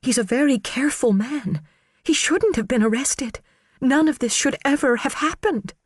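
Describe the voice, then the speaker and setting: A man voicing a frightened, tearful woman witness who speaks in a trembling, hushed voice. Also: very high voice, moderate pace, dry recording, clean studio sound, voice pushed up.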